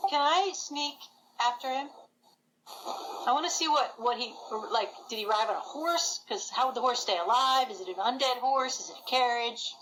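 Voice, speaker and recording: A woman playing a tabletop game, eager and curious, asking quick questions. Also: a little high, fairly bright tone, a little hiss or hum, low-quality recording. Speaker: player.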